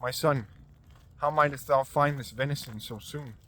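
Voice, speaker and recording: A man reading the part of an aged blind father, solemn and measured, in a scripture reading. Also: medium pitch, sharp tone, natural voice.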